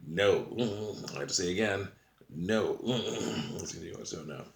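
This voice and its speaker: A deep-voiced man rambles through a casual monologue, chuckling often between his sentences. His voice is low and carries a roomy echo, as if he is recording in a bare room. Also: unhurried, vocal fry. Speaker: channel host.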